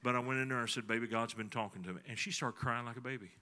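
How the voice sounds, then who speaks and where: A middle-aged man preaching a sermon, telling a folksy personal story that swings between soft, confiding passages and emphatic ones. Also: mid-range voice, racing. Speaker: pastor.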